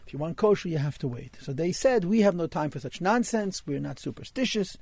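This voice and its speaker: A man's voice: a little high, animated, brisk, darkish tone, no room sound. A man telling a Hasidic story in a class, mixing in Yiddish and Hebrew words.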